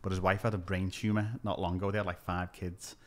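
A man's voice: low voice, quick pace. A comedian with a Scouse accent, chatting casually on a podcast and acting out exchanges as he tells stories. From Liverpool, England. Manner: animated storytelling, acting out exchanges.

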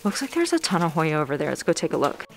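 A woman's voice: low voice, quick pace, soft background music. Gushing woman browsing a plant nursery. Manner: gushing, excitable, narrating as she browses. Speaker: plant vlogger. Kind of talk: casual shopping vlog narration.

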